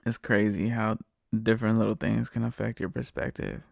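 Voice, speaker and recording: An American man hosts a podcast alone, venting in a casual, profane rant with a lowish, gravelly voice at normal speed. He swears constantly and keeps circling back over his points, captured in a dry, clean studio recording.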